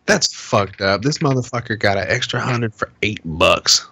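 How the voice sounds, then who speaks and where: Low-voiced man telling a profane story. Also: expressive, moderate pace, vocal fry, bright, forceful tone, husky, no echo. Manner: profane, heated storytelling with acted-out quotes. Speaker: podcast co-host. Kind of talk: casual chat.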